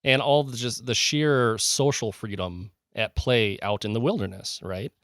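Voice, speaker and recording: A man's voice: mid-range voice, unhurried, a bit bright, dry recording, clean studio sound. A man co-hosting a casual podcast, talking eagerly and rambling, with many fillers and restarts. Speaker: podcast co-host.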